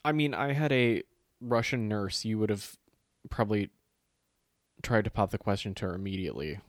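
A man's voice: lowish voice, normal speed, no echo, clean studio sound. A man co-hosting a casual chat, telling stories with acted-out quotes and plenty of swearing. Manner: animated storytelling, swears freely, acts out quotes.

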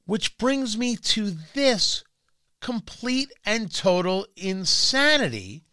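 A man's voice: high voice, lively intonation, slow pace, pushed and bright, clean tone, no room sound, studio quality. A man hosting political talk radio, emphatic and sarcastic, sometimes mocking other voices. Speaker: radio talk show host.

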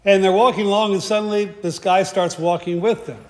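A man's voice: sits high, steady tone, a little fast. A man giving a conversational sermon, with joking asides and frequent restarts. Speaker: preacher. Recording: echoey hall.

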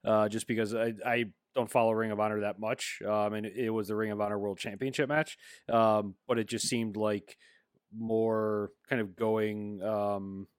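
A man's voice: lowish voice, flat delivery, moderate pace, clear, resonant tone, dry recording, studio quality. A man co-hosting a podcast in casual chat, hesitant with many ums, then getting emphatic. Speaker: podcast co-host.

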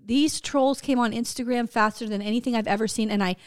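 A woman co-hosting a casual podcast, talking bluntly with plenty of swearing and animated storytelling. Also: fairly high pitch, fairly quick, clear, resonant tone, no room sound, studio quality. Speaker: podcast co-host.

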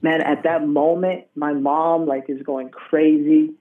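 A man's voice: fairly high pitch, level tone, slow. A man from Colorado telling his own story as a guest in a casual interview, laid-back and slangy. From Colorado, USA. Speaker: guest sharing a testimony. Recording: tinny phone-like sound, distant from mic.

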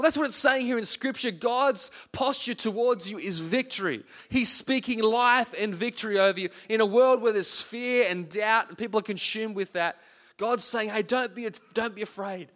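A man's voice: high voice, a bit bright. A man, preaching a sermon and telling personal stories in a conversational way. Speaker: pastor.

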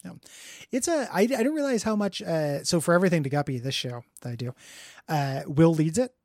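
A man's voice: on the high side, lively intonation, a little fast, a little mellow, dry recording, clean studio sound. A man hosting a podcast in casual chat, rambling and laughing at himself. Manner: rambling, laughing, self-deprecating. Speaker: podcast host.

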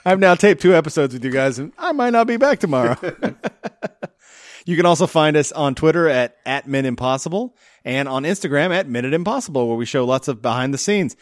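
A man's voice: mid-range voice, a little fast, no echo. Dry-sounding jokey podcast host, a man. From Tennessee. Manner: rambling, jokey, stumbles over words. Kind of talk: casual chat.

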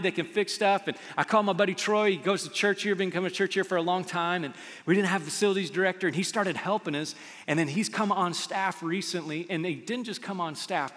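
A man preaching a sermon as a pastor, speaking in a conversational, animated storytelling way with acted quotes. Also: sits high, long reverb tail. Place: church auditorium.

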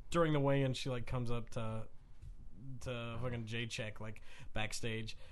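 A man's voice: medium pitch, fairly even intonation, normal speed. A man co-hosting a sports podcast, chatting casually and animatedly, swearing and putting on funny voices. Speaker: podcast co-host. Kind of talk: casual chat.

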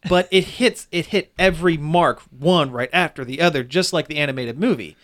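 A man chats casually about a film he has seen, his voice sitting a little high. He rambles, restarting sentences and hunting for words as he goes. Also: normal speed, fairly bright tone. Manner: rambling, frequent restarts and fillers. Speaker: movie reviewer. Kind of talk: casual chat.

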